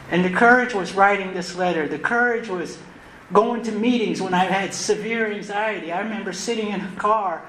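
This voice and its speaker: A woman's voice: mid-range voice, fairly bright tone. A woman in the middle of a heartfelt recovery talk, earnest and reflective as she speaks from the podium. She circles back and repeats her phrases, sometimes stopping to restart a sentence. The live recording sounds roomy, with a faint hiss of noise underneath. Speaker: closing speaker at a recovery convention. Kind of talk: personal recovery share, spoken from the podium.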